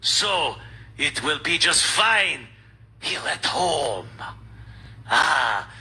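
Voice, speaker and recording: A man voicing a pompous male French politician in an exaggerated mock French accent, talking in a haughty, drawn-out way. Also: on the high side, big pitch swings, pushed and bright, slightly rough, pitched below the performer's own voice, full character voice, low-quality recording. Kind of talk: mocking impression on a talk show.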